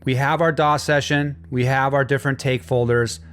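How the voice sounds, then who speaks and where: A man teaching a vocal recording course, talking learners through warm-ups in an encouraging way. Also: mid-range voice, fairly even intonation, normal speed, clear, resonant tone. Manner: encouraging, demonstrates hums and sung lines. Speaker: vocal production instructor. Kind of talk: instructional course narration.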